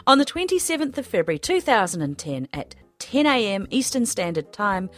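A woman giving a bright announcer-style delivery in a comedy sketch ad. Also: medium pitch, big pitch swings, brisk, faint music behind.

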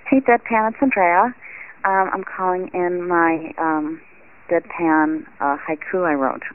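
A woman leaving a voicemail, hesitant and giggly, filling her pauses with lots of ums. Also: fairly low pitch, fairly even intonation. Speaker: voicemail caller. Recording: tinny phone voicemail with faint noise.

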